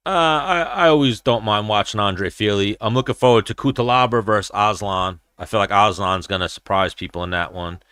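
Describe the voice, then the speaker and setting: Male livestream host, low-pitched and forceful, casual and profane, animated storyteller, dry close sound. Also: a little fast, few pauses, clear, resonant tone, no echo. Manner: acts out his own quoted lines. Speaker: show host.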